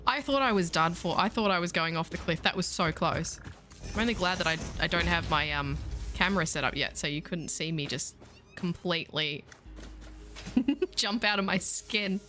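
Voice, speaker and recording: A woman's voice: on the low side, moderate pace, pushed and bright, soft background music. A woman with an Australian accent giving chatty, playful, self-mocking commentary while streaming a video game. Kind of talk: casual let's-play commentary.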